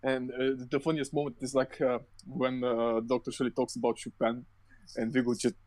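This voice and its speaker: A man co-hosting a casual podcast, his voice sitting at an ordinary middle pitch. He rambles through his points with plenty of swearing, fillers and false starts. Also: flat delivery, moderate pace, a little mellow, low-quality recording. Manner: rambling, profane, lots of fillers and restarts. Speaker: podcast co-host. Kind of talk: casual chat.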